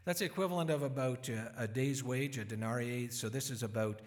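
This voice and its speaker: A man preaching a sermon, retelling scripture in lively everyday words and voicing its people. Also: medium pitch, a little fast, in a large hall.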